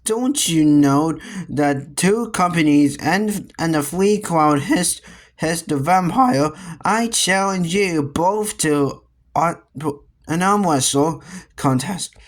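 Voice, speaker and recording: A man's voice: a little high, lively intonation, slow pace. A man voicing a haughty wailing vampire girl. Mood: dramatic. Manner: wailing, lofty.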